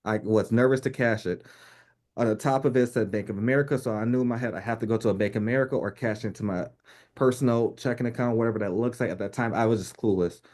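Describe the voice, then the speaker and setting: A man's voice: mid-range voice, racing. A man in his thirties from New York, telling a personal story in casual conversation, laughing often and acting out the voices of people he quotes. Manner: animated, laughs often, acts out quoted speech. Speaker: podcast guest.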